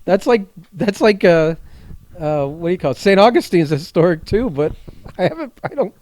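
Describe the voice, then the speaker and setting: A man's voice: sits high, lively intonation, moderate pace, darkish tone. A man co-hosting a podcast in casual chat, blunt and grumbling with crude banter. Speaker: podcast co-host.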